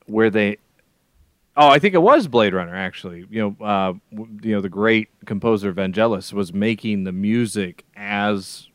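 A man co-hosting a podcast, chatting casually about films in a rambling, animated way with lots of restarts. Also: fairly low pitch, normal speed, no room sound, clean studio sound. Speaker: podcast co-host. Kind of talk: casual film chat.

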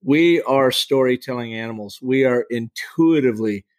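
A man's voice: mid-range voice, moderate pace. A middle-aged man, a storytelling coach, talking in a podcast interview with an emphatic, persuasive coaching tone.

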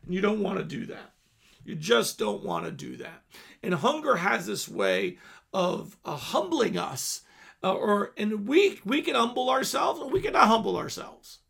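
A man's voice: high-pitched, wildly swooping pitch, moderate pace, creaky, a bit bright, breathy edge. A man in his fifties preaching an earnest sermon, dropping at times to near-whispers. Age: 50s. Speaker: pastor.

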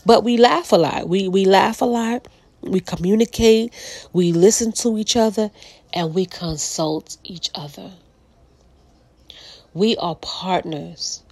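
A woman's voice: fairly low pitch, breathy edge, no echo. A woman podcast host talking casually about relationships, chatty and full of fillers, restarts and laughter.

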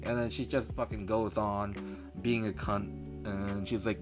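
A man from Canada co-hosting a casual podcast, telling a story in an animated rant full of swearing and acting out both sides of a phone call. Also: on the low side, unhurried, faint music behind. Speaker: podcast co-host.

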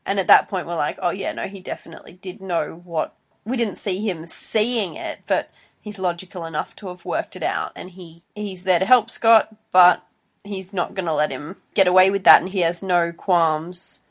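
A woman's voice: fairly low pitch, moderate pace. A woman co-hosting a podcast, analyzing a TV show in casual chat and thinking aloud. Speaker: podcast co-host.

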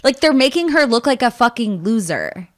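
A woman's voice: a little high, big pitch swings, moderate pace. A young woman co-hosts a casual podcast chat. She talks animatedly, swears freely and slips into acted-out quotes of what other people might say. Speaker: podcast co-host.

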